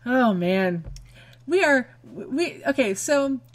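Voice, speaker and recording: A woman's voice: high voice, big pitch swings, slow. A woman co-hosting a podcast in casual chat from a home room, dry and steering the talk back on track. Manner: dry, keeps the show on track. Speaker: podcast co-host. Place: home room being moved out of.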